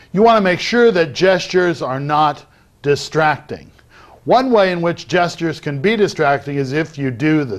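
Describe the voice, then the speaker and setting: A middle-aged man giving a recorded lecture on public speaking, acting out loud, soft, fast and slow delivery as he explains it. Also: fairly high pitch. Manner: demonstrates vocal techniques while teaching, varying loudness and pace. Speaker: debate lecturer.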